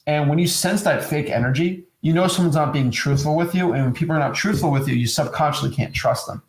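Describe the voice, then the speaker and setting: Brief: lively man, slightly high voice, casual co-host, roomy echo. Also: fast. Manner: animated, mimics stiff salesy voices. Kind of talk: casual chat.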